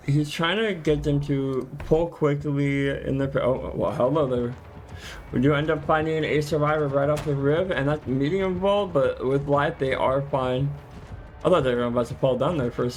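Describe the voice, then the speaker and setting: A man casting a live video game match as play-by-play commentary, chatty and quick to exclaim, often correcting himself mid-sentence. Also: fairly high pitch, a little hiss or hum. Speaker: esports caster.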